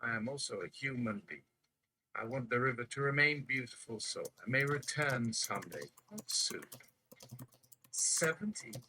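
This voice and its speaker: A man's voice: mid-range voice, lively intonation, normal speed, sharp tone, slight background noise, rough recording. A man on a live stream reciting numbered declarations one after another in a chanting manner. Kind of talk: slow counting recitation.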